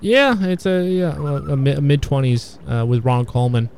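A man in casual conversation about old films, talking in a halting, rambling way with many fillers and restarts. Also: mid-range voice, expressive, a little mellow, clear, resonant tone. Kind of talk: casual film discussion.

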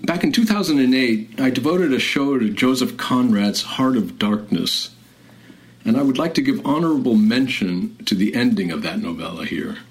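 A man hosting a show on literature, speaking in a measured, deliberate and scholarly way. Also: medium pitch, animated, rough recording. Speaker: radio host. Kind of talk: literary commentary and reading.

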